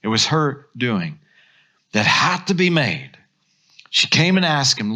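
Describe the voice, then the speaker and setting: A pastor with an American accent preaching a sermon, telling stories with lively acted-out quotes. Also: male voice, mid-range voice, slow pace, long pauses. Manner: animated storytelling, acts out quotes.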